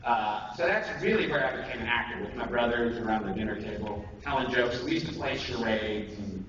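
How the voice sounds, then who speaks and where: A male voice actor runs an acting workshop in a joking, self-deprecating, rambling way. His voice sits at a middle pitch and carries from far off. The sound is dull, with heavy room echo and steady noise from the convention room. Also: a little fast. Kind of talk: casual convention workshop talk.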